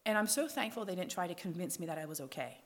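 A woman's voice: on the low side, fast. Woman telling her faith testimony. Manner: lively storyteller who acts out quoted dialogue; drops to a hushed whisper at tender moments. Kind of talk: personal testimony storytelling.

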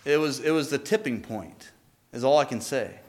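A man telling his personal faith testimony in an earnest, halting way, often restarting his sentences. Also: mid-range voice, lively intonation, a little mellow.

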